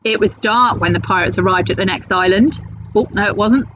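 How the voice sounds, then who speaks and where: A woman teacher reading a picture book aloud to children, with expressive storytelling. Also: mid-range voice, fairly quick, muffled recording, noisy background.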